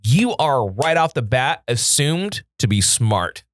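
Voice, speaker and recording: A young man hosting a podcast, chatting casually with a lively, joking manner and casual swearing. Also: mid-range voice, takes it slowly, slight background noise. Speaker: podcast host. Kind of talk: casual chat. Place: podcast studio.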